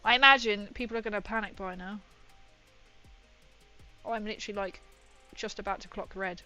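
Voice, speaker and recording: A woman's voice: mid-range voice, normal speed, bright, forceful tone, faint music behind, low-quality recording. A young woman chatting casually on a livestream while building a model, rambling and often laughing.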